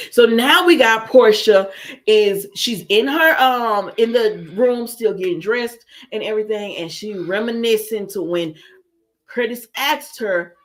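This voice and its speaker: A woman chatting casually on a livestream, retelling soap opera scenes and answering viewer comments. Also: mid-range voice. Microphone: livestream setup with computer microphone.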